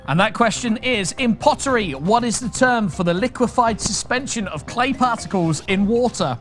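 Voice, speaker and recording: A man's voice: sits high, lively intonation, moderate pace, fairly bright tone, soft background music. A British man hosting a live online quiz, reading out questions and answer options with chatty, jokey patter. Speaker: quiz master.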